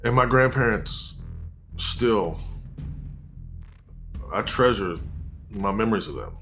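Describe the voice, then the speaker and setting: A man in his forties telling a personal story in a measured, reflective way, pausing and restarting as he goes. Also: fairly low pitch, fairly bright tone, soft background music.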